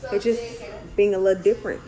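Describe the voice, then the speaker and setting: A woman's voice: medium pitch, fairly even intonation, fast talker, warm tone, soft background music. A young adult mother chatting in playful sing-song baby talk to her little ones on a phone live stream. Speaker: mother livestreaming with her babies.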